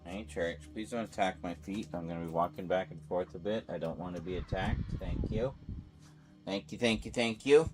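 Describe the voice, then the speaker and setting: A man's voice: deep voice, moderate pace, over music. A man streaming live, chatting casually and rambling to his viewers and his pets.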